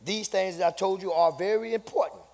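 A man, the pastor, a sermon and building to shouts, saying "my God" between phrases. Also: sits high, a little fast, gravelly. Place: church sanctuary. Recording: long hall reverb.

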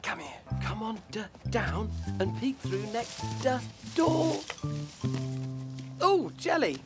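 A man's voice: very high-pitched, big pitch swings, slow, over music, exaggerated voice. An older man playing a grandfather who cheerfully coaches his dog through letter sounds. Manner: cheery, encouraging teacherly tone. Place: outdoors in a garden and indoors at home.

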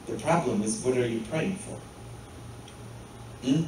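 A man preaching a sermon as pastor, often pausing to ask the congregation "hmm?". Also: mid-range voice, noisy background. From Poland. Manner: asks the congregation frequent rhetorical "hmm?" questions. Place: church. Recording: very echoey church, mic far off.

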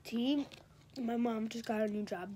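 With a fairly high-pitched female voice and measured pace, a teenage girl gossips and rambles through a casual vlog, congested and eating in bed. Background noise is audible.

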